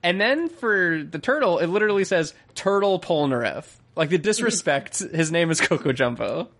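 A man's voice: a little high, animated, moderate pace, a bit bright. A man co-hosting a casual podcast, joking wryly and riffing on the episode. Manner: wry, joking, adds riffs and comparisons. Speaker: podcast co-host. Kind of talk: casual anime recap chat.

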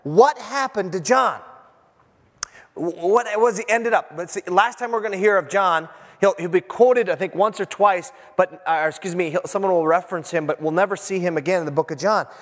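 Man pastor, fairly high voice, lively storytelling sermon, long church reverb. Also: moderate pace. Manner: animated, joking, acts out scenes. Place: church sanctuary.

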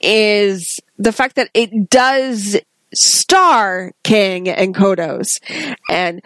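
A woman's voice: mid-range voice, fairly bright tone, dry recording. A woman co-hosting a podcast, chatting casually and unhurriedly about favorite cartoon episodes. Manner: unhurried, hesitant with fillers. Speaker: podcast co-host.

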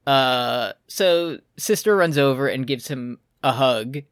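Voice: mid-range voice, takes it slowly, clean tone, no echo, clean studio sound. A podcast co-host recapping an anime in a casual, sarcastic and profane way, laughing often.

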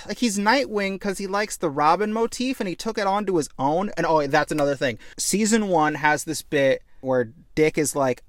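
A man's voice: on the high side, animated, moderate pace, dry recording. Exasperated swearing man, dry sound. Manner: loud, exasperated, heavy swearing. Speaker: podcast host. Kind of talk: casual ranting review.

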